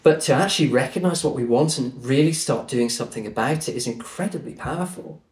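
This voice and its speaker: A man guest on a podcast, telling a story in an earnest, animated way. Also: medium pitch, brisk. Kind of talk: conversational storytelling. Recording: roomy echo.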